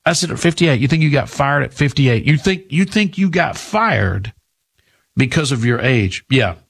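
A man's voice: medium pitch, animated, moderate pace, creaky, a bit bright, breathy edge. A middle-aged man hosting a talk radio show, delivering a blunt, scornful opinion monologue.

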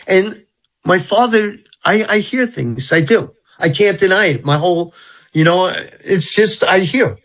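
This older man from Brooklyn talks in an earnest, rambling way, drifting from spiritual musings into childhood stories. His voice sits a little high for a man. He is a guest on a radio interview. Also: fairly bright tone. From Brooklyn, New York. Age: 70s.

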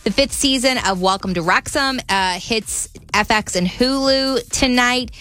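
A woman with a Minnesotan accent hosting a radio entertainment segment, chatting excitably about celebrity news with lots of "like" fillers. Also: fairly high pitch, a little slow. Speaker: radio host.

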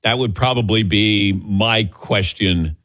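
A man's voice: fairly low pitch, slow, a bit bright, no echo. A man hosting a sports radio show, chatting casually and laughing easily with his crew.

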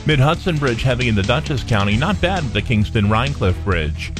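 A man's voice: medium pitch, very animated, brisk. Male traffic reporter over music.

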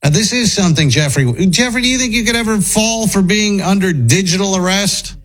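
Incredulous talk-show host, mocking tone. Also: male voice, sits high, brisk, fairly bright tone, poor audio. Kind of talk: casual talk show banter.

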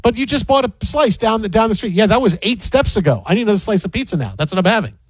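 A man co-hosting a sports show, talking in animated, rambling banter with emphatic repeated phrases. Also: sits high, fast talker, slightly rough, dry recording.

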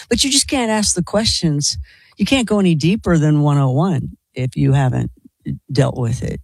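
A talk show host chatting casually and warmly affirming the guest. The voice sounds dry and close, with no room around it. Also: mid-range voice, animated, normal speed, dry recording. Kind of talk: casual chat.

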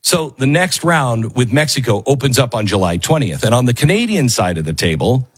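A man's voice: medium pitch, sing-song, fairly quick, slightly rough, no echo. A man hosting a talk radio show, rambling conversationally with fillers and asides. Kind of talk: casual talk radio monologue.

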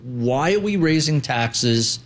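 A man's voice: medium pitch, expressive, takes it slowly. A man giving blunt, opinionated commentary as an investment guest, with a sardonic edge. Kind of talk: interview commentary.

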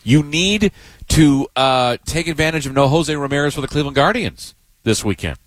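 Sports radio host, lively pitch. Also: male voice, dry recording, poor audio. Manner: blunt, joking, drawls slowly on points. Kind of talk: casual sports radio banter. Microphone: studio microphone.

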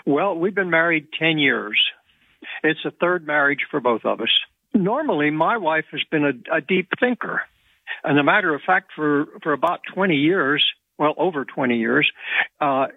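Husky male caller on a tinny phone. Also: on the high side, lively intonation, moderate pace, no echo. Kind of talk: call-in on phone.

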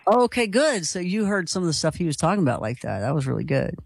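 A male radio host with a high voice chats enthusiastically with a caller. He talks freely and warmly about his own experiences. The studio sound is dry and close. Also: big pitch swings, quick pace, gravelly, slightly rough, no echo. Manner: chatty, enthusiastic. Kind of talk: call-in radio chat.

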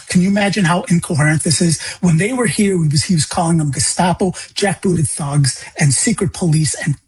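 Husky, impassioned man from Illinois. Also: a little high, normal speed, hardly any pauses, soft background music. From Illinois, USA. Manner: emotional, rising voice, repeats words when upset. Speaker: guest. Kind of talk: phone-in interview.

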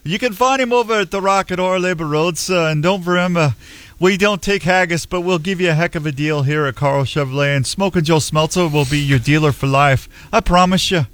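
A man's voice: high voice, animated, normal speed, few pauses, fairly bright tone, no echo, voice pushed up. A man voicing a stuffy English butler in a comic radio ad read, with a put-on posh British accent that slides into Scottish. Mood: pompous.

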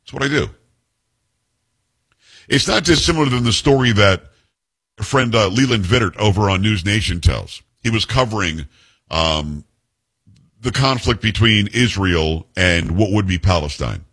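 A male talk radio host taking calls and telling stories in a blunt, forceful way. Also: on the low side, expressive, normal speed, husky. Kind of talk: opinionated call-in talk radio.

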